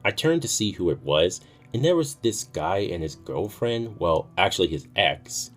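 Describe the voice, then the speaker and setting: Deep voiced guy doing a storytime vid, chill, swears a lot. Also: very animated, normal speed. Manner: casual, swears freely. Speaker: storytime youtuber. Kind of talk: casual storytelling. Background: faint music.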